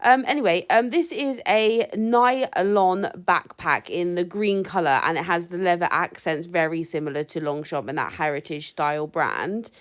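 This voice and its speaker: A woman's voice: fairly low pitch, moderate pace, hardly any pauses. A woman with a chatty, bantering manner, hosting a thrift vlog and explaining brands and resale prices. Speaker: thrift reseller and channel host. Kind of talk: casual vlog chat.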